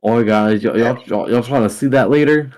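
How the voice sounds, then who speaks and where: A man's voice: medium pitch, moderate pace, a little mellow. A man playing in a tabletop game, laid-back and slangy in casual chat. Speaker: player.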